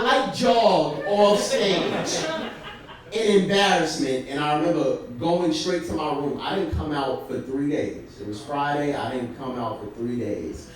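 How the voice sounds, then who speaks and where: A man's voice: on the high side, a little slow, far from the mic, a little hiss or hum. Man, young adult, from Brooklyn, comedic storytelling, laughs as he talks, very echoey room, faint ambience. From Brooklyn, New York. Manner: animated, laughs through his telling. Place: theater stage before a live audience. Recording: very echoey theater, from off mic.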